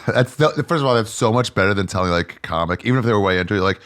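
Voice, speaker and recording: A man hosting a casual chat, dropping quick joking remarks. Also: lowish voice, fairly bright tone. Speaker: podcast host.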